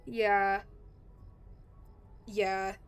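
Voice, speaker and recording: A woman's voice: medium pitch, little pitch movement, extremely slow, clean tone, faint music behind. A young woman streaming a game live, talking to chat while she plays, exclaiming, swearing and ranting about her teammates. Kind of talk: live gameplay commentary.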